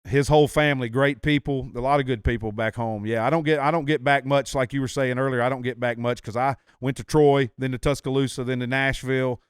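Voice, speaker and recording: A man with a Southern drawl chats fast on a podcast. His voice is smooth and crisp, and the sound is dry and close. He tells stories with energy. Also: mid-range voice, fairly even intonation, no echo. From Alabama. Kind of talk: casual chat.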